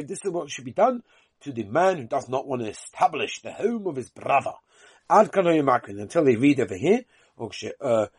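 A man with a Yeshivish English accent and a Yiddish lilt, teaching a Talmud lesson. He chants the text in a rising sing-song, then drops into quick plain explanation. His voice is slightly husky and sits at a middle pitch, recorded close and dry. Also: darkish tone, dry recording. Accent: Yiddish-inflected Yeshivish English.

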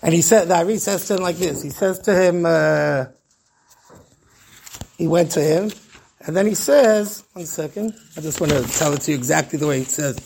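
A man's voice: fairly high pitch, normal speed, creaky, a little mellow, a little hiss or hum. A man, a rabbi, telling stories in a Torah class and acting out the characters' dialogue, with Hebrew terms woven in.

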